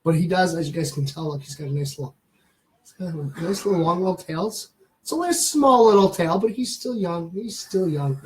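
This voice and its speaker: A man's voice: high-pitched, brisk, rough recording. Chatty man cooing over a baby lizard. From Canada. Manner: chatty, many fillers, coos softly at the animal. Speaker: streamer showing a pet lizard. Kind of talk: casual livestream chat.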